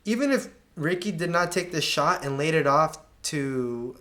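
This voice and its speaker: A man with a slightly raised voice talks through soccer clips, pausing to point out mistakes. He sounds casual and exasperated, tossing in slang as he critiques the players. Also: fairly high pitch, lively intonation, sharp tone. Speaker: soccer analyst. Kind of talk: video breakdown commentary.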